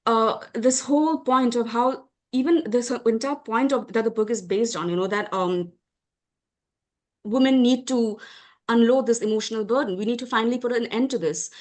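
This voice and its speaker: A woman's voice: fairly high pitch, normal speed. Impassioned young woman. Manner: emotional, fervent, many restarts. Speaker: book club participant. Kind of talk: impassioned discussion.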